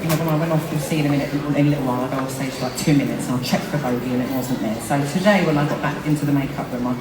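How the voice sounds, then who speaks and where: A candid woman in her thirties bantering from the stage with a laugh never far away. Her voice booms around a huge arena, heard from a distance through the speakers, with a roaring crowd underneath. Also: reverberant, in a large hall, heavy background noise. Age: 30s. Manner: chatty, candid, laughing, swears freely. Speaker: singer performing live. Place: large concert arena. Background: loud crowd.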